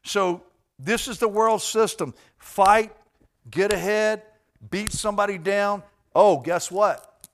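A pastor delivers a sermon in a voice that sits a little higher than most men's. He speaks directly to the people in front of him. He swings between loud, emphatic bursts and quiet, conversational asides. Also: slow.

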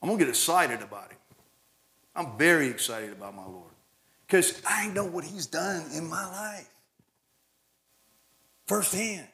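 Excitable man preaching a sermon. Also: a little slow, long pauses. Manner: animated, rising to near shouting at high points; repeats and restarts words. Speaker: pastor.

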